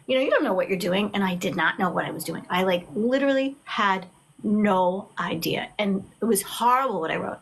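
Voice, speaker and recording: A middle-aged woman, talking as an author guest in a casual video chat. She tells her stories with lively acted-out quotes. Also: mid-range voice, moderate pace. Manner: animated storyteller, acts out quotes.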